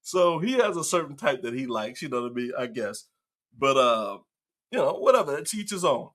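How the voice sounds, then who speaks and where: A man's voice: mid-range voice, sing-song, moderate pace, fairly bright tone. A male host telling a story in casual commentary, acting out the quotes and laughing often.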